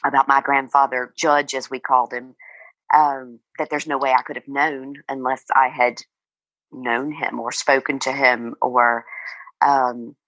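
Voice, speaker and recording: Low-voiced woman, halting and chatty. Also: flat delivery, fairly bright tone, dry recording, muffled recording. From Virginia, United States. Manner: hesitant, many fillers and restarts, laughs often. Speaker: guest author. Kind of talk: casual interview chat.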